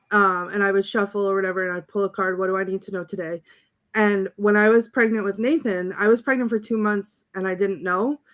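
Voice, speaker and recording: A woman's voice: mid-range voice, a bit bright. A woman telling a long personal story in casual podcast chat, rambling with many fillers. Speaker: podcast co-host.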